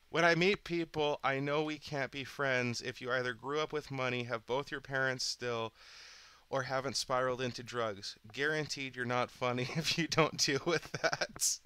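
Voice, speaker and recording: A man's voice: medium pitch, measured pace, bright, forceful tone, clear, resonant tone, no echo. A man hosting his own channel, chatting in a rambling, candid monologue that often stops and restarts. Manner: chatty, self-interrupting, candid. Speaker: channel host.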